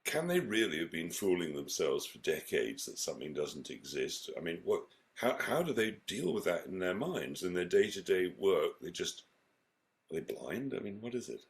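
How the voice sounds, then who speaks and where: A man's voice: deep voice, very animated, moderate pace. A man hosting an interview, asking probing and incredulous questions.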